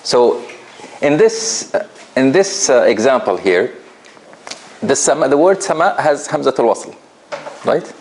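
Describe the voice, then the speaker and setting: A man's voice: medium pitch, big pitch swings, a little slow, pauses often, a little mellow, slight background noise. A man teaching a tajweed class in an office, patient and laughing often as he asks the students questions. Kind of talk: classroom lesson.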